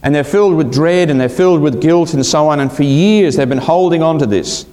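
A man preaching a sermon as pastor, expressive, swinging his voice up when acting out quotes and sinking to a hush. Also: on the high side, fairly quick.

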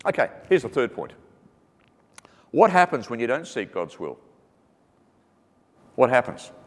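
A man's voice: medium pitch, very animated, a little slow. Guy preaching a sermon, earnest w/ little jokes, echoey hall sound. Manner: earnest, with joking asides. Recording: reverberant hall.

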